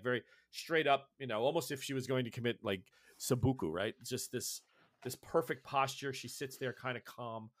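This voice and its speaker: Male GM, bright tone, dry close sound, dramatic narration. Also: medium pitch, no echo. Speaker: game master. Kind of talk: narrating a tabletop horror game.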